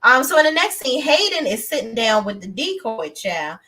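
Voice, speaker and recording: A young woman hosting a live TV review stream, talking in a blunt, animated, outspoken way with features. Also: a little high, normal speed. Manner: animated, outspoken, breaks into acted voices of characters. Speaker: TV review show host.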